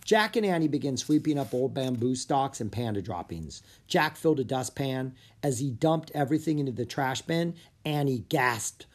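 A narrator reading a children's storybook aloud with clear, lively storytelling. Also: medium pitch, normal speed, hardly any pauses. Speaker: audiobook narrator.

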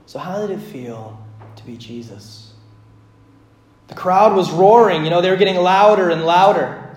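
A male pastor preaching a sermon, dramatic, swinging between loud emphasis and hushed lines with slow repetition. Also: sits high. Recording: echoey room.

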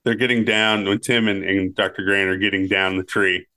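Male co-host, slightly low voice, easygoing and conversational, lots of "like" and "um". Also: moderate pace. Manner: relaxed, says "like" and "um" often. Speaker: podcast co-host. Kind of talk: casual movie chat.

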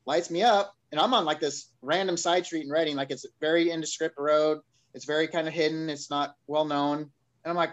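A man tells his story to an interviewer, speaking candidly and slipping into his own past remarks as he recalls them. His voice sits a little high for a man. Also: fairly even intonation, fast talker. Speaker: guest.

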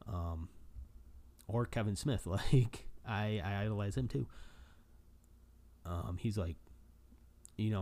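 Gravelly low-voiced excited fanboy. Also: male voice, slow pace, long pauses. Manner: excited fanboy, many fillers and restarts. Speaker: vlogger and comic collector. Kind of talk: casual rambling talk to camera.

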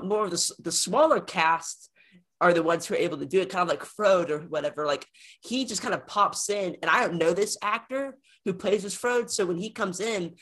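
A man's voice: sits high, fairly bright tone. A man co-hosting a film podcast, chatting casually and rambling as he repeats words while he thinks. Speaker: podcast co-host. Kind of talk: casual film review chat.

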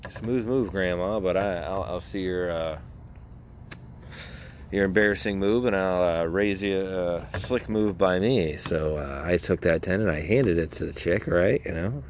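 A deep-voiced man hosts a podcast, telling a loose, rambling story in casual talk. He keeps tossing in fillers and acts out his own reactions as he goes. A faint hiss sits under his voice. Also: a little slow, pauses often. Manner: rambling, full of "you know" and fillers. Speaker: podcast host.

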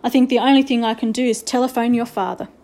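A woman's voice: a little high, steady tone, natural voice. Stern headmaster voiced by a woman. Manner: measured, firm, quietly stern. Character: stern, gruff middle-aged male headmaster. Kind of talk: storybook reading.

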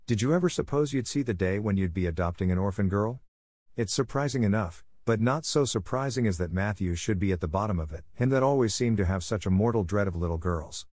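Man reading a stern old spinster in a storybook, brisk and scolding, low and dry. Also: lively intonation, a little mellow, no echo. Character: stern strict spinster woman, older, sharp-tongued.

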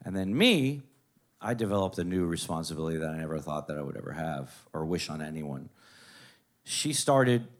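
A man doing stand-up, telling a long family story in casual, profane talk, jumping into high voices to quote his mother. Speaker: stand-up comedian.

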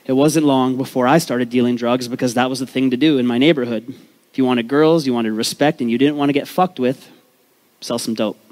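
A man's voice: mid-range voice, steady tone, a little fast, a little mellow. Profane, joking man storyteller. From Canada, Vancouver. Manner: candid, profane, joking asides to the crowd. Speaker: speaker telling his life story. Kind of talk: comedic storytelling talk to a live audience.

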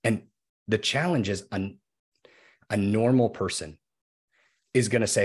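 A man with a low, husky voice talks through a casual podcast conversation. He explains at length and illustrates his points with everyday examples. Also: normal speed, pauses often.

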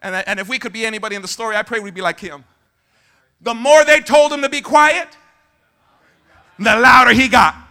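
A man pastor preaching an impassioned sermon at a church service and shouting to the congregation for a response. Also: very high-pitched, a little fast, long pauses.

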